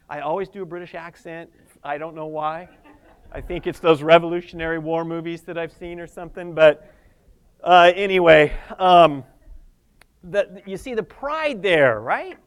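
High-voiced man preaching a fervent sermon. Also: moderate pace, fairly bright tone, clean tone. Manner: fervent, with Hallelujahs and Amens, laughs at himself. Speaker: pastor.

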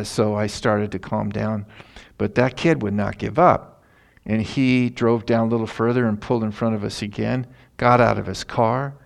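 A middle-aged man, a pastor, telling a story in a sermon in an earnest, animated way. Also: fairly low pitch, vocal fry. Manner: earnest, animated retelling with emphatic rises.

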